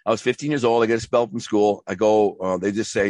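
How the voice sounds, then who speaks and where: A man's voice: lowish voice, quick pace, dry recording. A man being interviewed, telling his life story in a rambling, emphatic way with slang and restarts. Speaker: interview guest.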